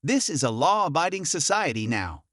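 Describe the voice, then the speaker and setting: A man voicing a calm, morally rigid young man who speaks firmly. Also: a little high, normal speed, no echo, studio quality.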